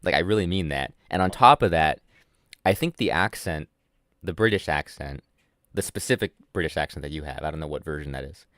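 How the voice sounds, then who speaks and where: A man with a very low voice hosts a loose commentary chat. He rambles, swears freely and mocks himself. The sound is dry and close, with no room in it. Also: expressive, fairly quick, a bit bright, no echo. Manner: rambling, swears a lot, self-mocking. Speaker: host.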